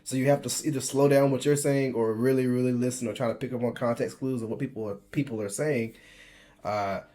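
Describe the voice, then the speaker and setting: A man's voice: medium pitch, fairly even intonation, brisk, warm tone. An American man in his twenties telling his own story in a casual vlog, chatty, laughing often and restarting his sentences. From United States. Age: 20s. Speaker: vlogger.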